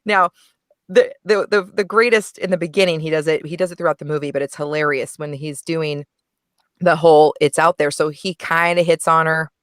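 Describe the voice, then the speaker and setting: A woman's voice: low-pitched, steady tone, brisk, clear, resonant tone, no echo, studio quality. A woman guest on a podcast, chatting frankly and animatedly about a movie and laughing often. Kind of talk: casual movie review chat.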